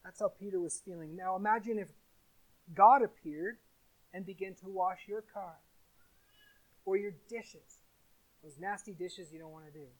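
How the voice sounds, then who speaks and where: A man preaching a sermon, putting stress on his words, slowing on key phrases and putting questions to his listeners. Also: high voice. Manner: emphatic, asks the listeners rhetorical questions.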